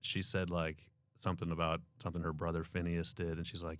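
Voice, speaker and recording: An American man hosting a podcast in casual chat, with wry, deadpan humor. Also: low-pitched, a little fast, dry recording. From United States. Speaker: podcast host.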